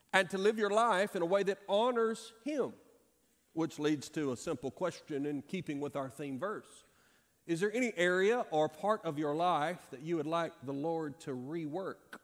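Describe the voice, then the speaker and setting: A middle-aged man preaching a sermon as pastor, with dramatic pauses and emphatic repetition. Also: sits high, fairly bright tone. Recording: long hall reverb.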